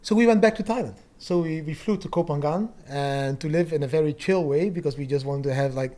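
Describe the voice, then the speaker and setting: Casting: middle-aged man, quick-talking guest, slightly high voice, lively storyteller who curses casually. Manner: animated storyteller, swears freely, laughs often. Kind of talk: casual podcast chat.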